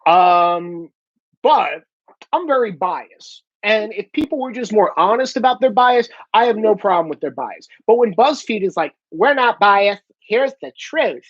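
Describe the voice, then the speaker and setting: A man's voice: high voice, animated, measured pace, no echo. A man with a thick New York–New Jersey accent, talking bluntly and profanely in a casual opinion monologue. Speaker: independent journalist, vlogger. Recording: dull lo-fi dry recording.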